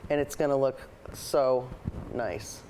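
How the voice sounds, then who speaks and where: A woman's voice: a bass voice, slow, mellow, slight background noise. A woman hosting a live painting lesson, chatting eagerly and thinking aloud as she paints. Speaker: painting show host and art teacher.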